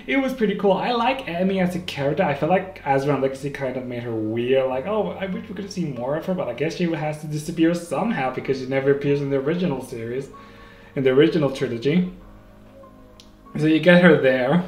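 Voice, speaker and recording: A man hosting a casual solo podcast, rambling and excitable, often stopping to correct himself, on a home microphone. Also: fairly high pitch, quick pace. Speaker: podcast host. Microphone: home microphone, may clip. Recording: echoey room with faint music.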